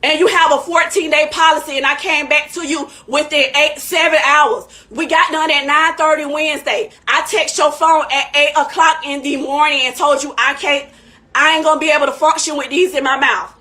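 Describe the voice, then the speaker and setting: A woman's voice: high-pitched, fairly even intonation, normal speed, sharp tone. A woman hosting a live stream in casual chat, heated and emphatic, repeating her points. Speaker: livestream host.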